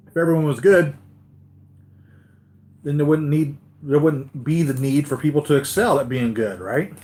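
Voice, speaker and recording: A man with a fairly high, darkish-toned voice hosts a live collectibles stream at normal speed, chatting casually with viewers. Tired from a sleepless night, he rambles and restarts his sentences often.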